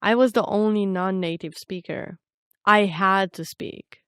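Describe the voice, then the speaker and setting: A woman's voice: mid-range voice, measured pace, a bit bright, clear, resonant tone, dry recording. A young Romanian-born woman, a native Romanian speaker, reads scripted documentary narration about her own life. Her delivery is reflective and personal. The recording is close and completely dry, with no room sound. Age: young adult. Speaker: narrator and reporter.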